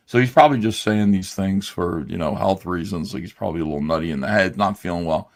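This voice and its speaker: A man's voice: deep voice, quick pace. A man hosting a livestream in heated casual chat, blunt and profane, rambling through fillers. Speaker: livestream host.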